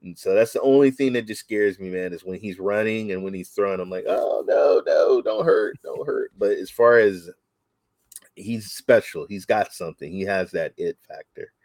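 A man co-hosting a casual sports chat, talking excitably with many halting restarts. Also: low voice, no room sound. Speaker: podcast co-host.

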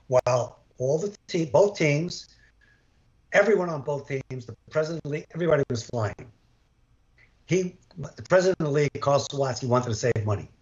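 Older male ex-umpire with a lively storytelling manner who acts out the dialogue; dull video call audio. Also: mid-range voice. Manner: animated, acts out quoted dialogue. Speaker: former baseball umpire. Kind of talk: storytelling in an interview.

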